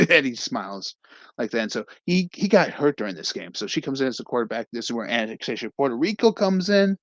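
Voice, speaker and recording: A man's voice: mid-range voice, big pitch swings, fairly quick, no room sound, low-quality recording. A young man casually recapping a comedy film as a review host, rambling and acting out scenes with quoted lines.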